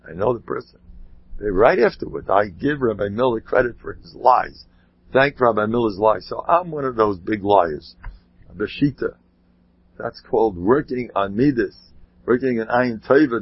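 A man giving an informal Torah talk, telling rambling stories with animated asides. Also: mid-range voice, slightly rough, dry recording. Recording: dull lo-fi sound.

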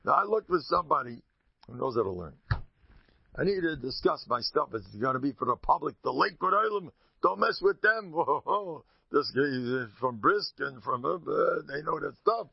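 A man teaching a Torah class as a rabbi, joking and acting out lines with sudden high squeaks and low mutters. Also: expressive, normal speed, creaky, husky, dry recording. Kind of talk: animated Torah lecture with storytelling. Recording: dull lo-fi recording.

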